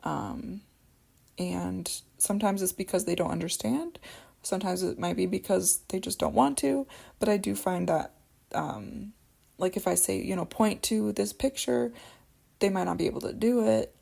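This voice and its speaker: Woman speech therapist, casual explainer, strong fry in a dark, warm voice, loose and chatty. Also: fairly low pitch, moderate pace. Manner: chatty, loose, many fillers and restarts. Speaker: speech-language pathologist.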